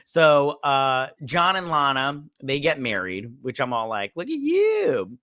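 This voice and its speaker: A man hosts a casual review with a bright, forward voice. He rambles through fillers and swears freely. The sound is close and dry. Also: mid-range voice, measured pace, smooth, no room sound. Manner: rambling, filler-heavy, swears, acts out quotes. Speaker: show host reviewing a TV episode.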